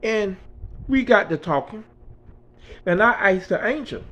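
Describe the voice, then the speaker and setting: A man in his sixties tells a spiritual story in an earnest, conversational way. His voice is fairly high for a man and swings widely in pitch. He takes his time and speaks slowly. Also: animated, sharp tone, muffled recording. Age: 60s. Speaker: author.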